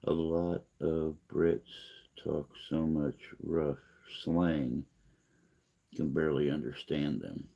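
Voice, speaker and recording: A man hosting a casual livestream chat, answering viewer comments in a rambling, hesitant way with long pauses. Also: rumbling low, vocal fry, muffled recording. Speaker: livestream host.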